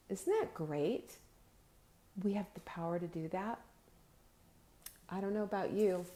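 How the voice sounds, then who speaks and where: Woman, live-stream host, motivational talk, emphatic, encouraging, speaks directly to viewers. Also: on the low side. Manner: emphatic and encouraging, stretches key words, repeats words as she restarts; addresses viewers warmly and directly, reads their comments aloud. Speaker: host of a live video show.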